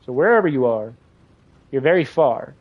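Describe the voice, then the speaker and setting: A lively American man in his twenties chats loosely with his viewers while gaming, his pitch bouncing up and down. At a normal speed he reacts, jokes, and swears between reading chat messages, and the recording sounds muffled.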